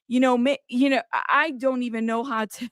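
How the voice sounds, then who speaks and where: Woman streamer, reactive live commentary, fairly high voice, dry close mic. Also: brisk, clear, resonant tone, no echo. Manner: animated, exasperated reactions. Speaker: livestream host.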